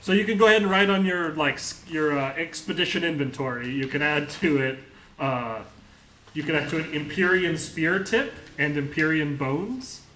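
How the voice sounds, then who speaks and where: Man, game master, relaxed explaining, bright tone, roomy sound. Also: on the high side, normal speed. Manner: relaxed, explanatory, frequent ums. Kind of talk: running a tabletop game. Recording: echoey room, faint noise.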